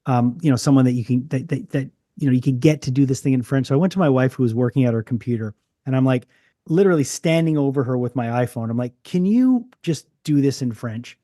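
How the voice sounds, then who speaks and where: A man from Canada hosts a relaxed podcast interview, rambling through stories and restarting his sentences. His voice is mellow and dark, at a middle pitch for a man. The recording is dry and close. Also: fast talker, dry recording. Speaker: podcast host. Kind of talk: casual interview chat.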